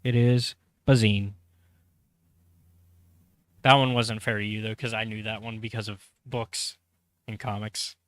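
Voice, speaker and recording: A man's voice: on the low side, flat delivery, unhurried, pauses often, dry recording, clean studio sound. A man hosting a casual podcast, running a trivia quiz and reading quotes aloud, chatty and correcting himself as he goes. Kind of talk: casual chat.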